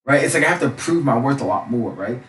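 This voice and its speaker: A young man talks in a loud, passionate voice at a middle pitch. He keeps checking in with tag questions as he goes. The sound is roomy, as if the mic sits some distance away. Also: expressive, fast. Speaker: life coach. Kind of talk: casual monologue.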